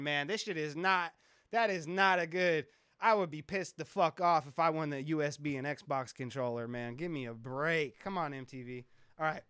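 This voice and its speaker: A man's voice: high-pitched, brisk, bright, forceful tone, smooth, no room sound, studio quality. A man who produces music, hosting a casual live stream, rambling, joking and swearing a lot. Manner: profane, rambling, joking with chat.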